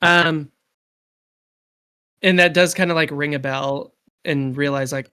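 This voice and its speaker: A man's voice: a little high, fairly even intonation, slow pace, pauses often, bright, forceful tone, smooth. A man running a tabletop game as game master, narrating in a rambling way with many fillers. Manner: rambling, many ums and likes. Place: home setup, streamed live.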